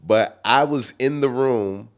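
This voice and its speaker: A man's voice: medium pitch, takes it slowly. A man co-hosting a casual talk show, reacting to his friend's story and telling a short one of his own. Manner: reacts often, laughs, tells a short story. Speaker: comedian co-host. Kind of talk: casual chat.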